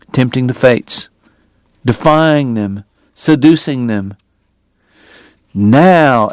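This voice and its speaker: Slow, lyrical male audiobook narrator. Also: mid-range voice, no echo. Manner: slow, lyrical, swelling with intensity.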